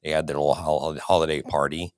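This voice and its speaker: Deep voiced guy on a bbq podcast, laid back and joking, dry close mic. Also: flat delivery, fast talker, no echo. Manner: laid-back, joking, talks to chat viewers. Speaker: podcast co-host. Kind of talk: casual chat rating beers.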